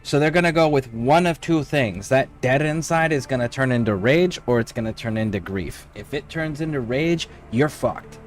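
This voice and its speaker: A man streaming a video game, chatting casually with viewers, swearing freely and thinking out loud while he plays. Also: mid-range voice, moderate pace, hardly any pauses, faint music behind. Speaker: livestreamer. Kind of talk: casual gaming livestream chat.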